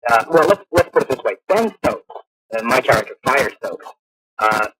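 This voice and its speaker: A man hosting a radio interview, talking eagerly and haltingly with many restarts, on an old radio broadcast. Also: medium pitch, sing-song, fairly bright tone, slightly rough, poor audio. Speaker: radio show host. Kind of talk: casual interview.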